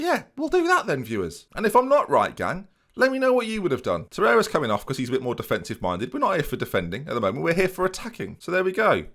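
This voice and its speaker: A man's voice: a little high, huge pitch swings, quick pace, few pauses, fairly bright tone. A young man commentating his football management game in a chatty, self-mocking way, talking straight to his viewers. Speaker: gaming YouTuber.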